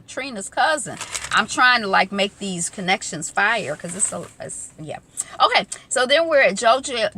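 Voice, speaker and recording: Bright, chatty woman recapping TV. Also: mid-range voice, a little hiss or hum. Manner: chatty, acts out quotes, many ums. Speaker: recap vlogger. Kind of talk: casual TV recap chat.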